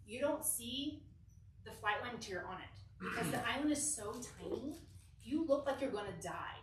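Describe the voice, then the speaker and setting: A young woman from Southern California telling a lively, giggly personal story to a church youth group, acting out the quotes. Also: fairly high pitch, normal speed, far from the mic, background noise. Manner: animated, giggly, acts out quotes. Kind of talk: casual storytelling talk. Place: church hall. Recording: echoey hall, mic from afar.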